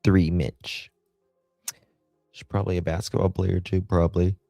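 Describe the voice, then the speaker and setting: A man's voice: deep voice, flat delivery, moderate pace, gravelly, dark tone, dry recording, studio quality, faint music behind. A man hosting a casual livestream. He rambles in a chatty way and talks back to viewers' comments. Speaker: livestream host.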